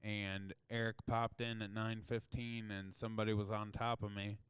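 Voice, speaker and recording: A man's voice: on the low side, little pitch movement, moderate pace, a bit bright, clean tone. A man co-hosting a podcast, telling a crude story in a casual way and laughing often as he goes. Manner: laughs through his own stories, crude humor. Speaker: podcast co-host.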